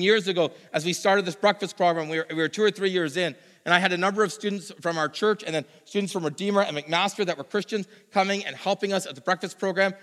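A high, quick-talking man preaches, his voice bright and lively. He tells stories with animated mimicry as a long hall reverb trails each phrase. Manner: animated storytelling, mimics others. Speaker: pastor. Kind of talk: sermon with personal story.

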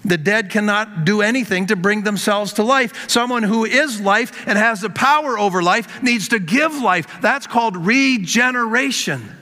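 A man preaching a sermon in a voice that sits high and rings bright. He presses his points with repeated words and calls out to the congregation. A long reverb from the hall trails each phrase. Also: normal speed, few pauses. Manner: emphatic, repeats words, addresses congregation as folks. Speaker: pastor.

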